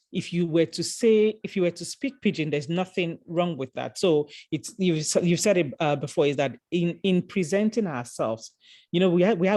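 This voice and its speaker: A woman's voice: low voice, a little mellow. Nigerian woman advising parents on a call. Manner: earnest, advising parents, frequent restarts. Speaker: panel speaker. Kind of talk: community panel discussion.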